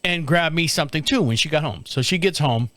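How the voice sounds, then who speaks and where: A man tells a casual story on his own show, lively and laughing as he acts out the people in it. His voice sits a little high for a man. It is recorded close and dry. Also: brisk, dry recording. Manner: animated, acts out quoted voices, laughs often. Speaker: podcast host.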